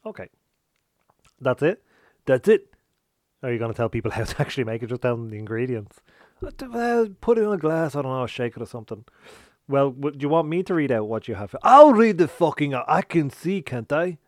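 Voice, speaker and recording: A man's voice: medium pitch, expressive, a little fast, pauses often, darkish tone, no echo, studio quality. A man hosting a podcast, chatting casually and playfully, often swearing. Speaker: podcast host. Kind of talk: casual chat.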